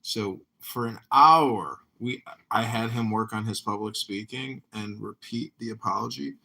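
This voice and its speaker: A podcast host, a man with a slightly low but bright, forceful voice. He tells his stories bluntly and swears freely in casual chat. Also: a little slow, gravelly. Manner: blunt, profane storyteller.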